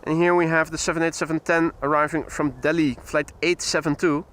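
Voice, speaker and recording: A man's voice: on the high side, little pitch movement, brisk, fairly bright tone, slight background noise. A man hosting a live stream, chatting casually while commenting on arriving airplanes and greeting viewers. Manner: chatty, reads viewer comments, laughs easily. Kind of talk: live plane-spotting commentary.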